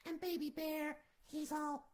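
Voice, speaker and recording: A woman's voice: sits high, flat delivery, measured pace. A woman telling a children's story comically, rambling with sarcastic asides.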